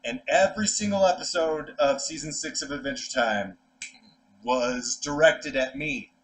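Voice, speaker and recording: A young man co-hosting a podcast in casual chat, animated and expressive, jumping between thoughts. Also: a little high, unhurried, slight background noise. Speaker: podcast co-host.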